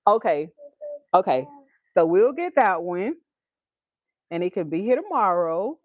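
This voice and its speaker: A woman's voice: fairly low pitch, sing-song, measured pace, darkish tone, dry recording, highs cut off. Chatty woman hosting a livestream. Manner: chatty, laughs often, reads viewer comments aloud. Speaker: livestream host. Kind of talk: casual livestream chat.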